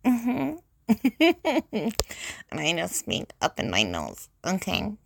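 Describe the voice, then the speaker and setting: A woman's voice: lowish voice, huge pitch swings, slow, vocal fry, a bit bright, a little hiss or hum. A young woman in a casual solo vlog, playful and giggly, trying out mock accents. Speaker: vlogger.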